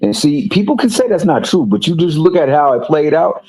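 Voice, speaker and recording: A man's voice: on the high side, big pitch swings, brisk, darkish tone, faint music behind, rough recording. A man co-hosting a casual boxing talk show, making his points emphatically and often repeating words. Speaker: co-host.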